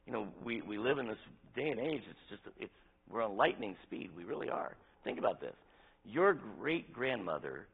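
Pastor guy preaching casual, asks the room stuff, husky voice, sounds like it's over a phone. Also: mid-range voice, narrow, tinny audio. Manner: conversational, animated, asks the congregation questions. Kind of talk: interactive sermon.

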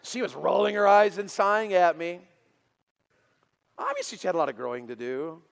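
A pastor telling a story in a sermon to teenagers, getting louder and more excited as he goes. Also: sits high, normal speed, vocal fry, big-room sound. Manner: animated, builds to loud excited preaching.

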